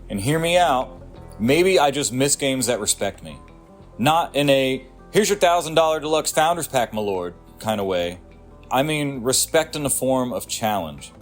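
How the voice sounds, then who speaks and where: A man in his thirties reading a scripted video essay about strategy games, sardonic and crude, with punchy asides. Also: medium pitch. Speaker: gaming video creator.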